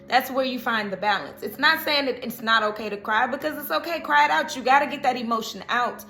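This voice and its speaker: A woman's voice: on the high side, bright, forceful tone. A woman giving a casual tarot reading, chatty and laughing often, checking in with the listener. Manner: chatty, laughs often, keeps asking "okay?". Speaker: tarot reader. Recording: roomy echo.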